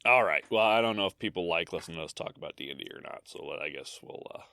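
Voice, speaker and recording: A man co-hosting a casual podcast, talking in an animated way, swearing freely and restarting his sentences. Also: deep voice, fast talker, creaky, no echo, studio quality. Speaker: podcast co-host. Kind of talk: casual chat.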